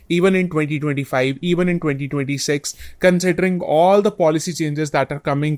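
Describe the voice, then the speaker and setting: A man's voice: on the high side, dry recording. A man hosting an advice channel, explaining study-abroad options earnestly and point by point. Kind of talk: direct-to-camera advice talk.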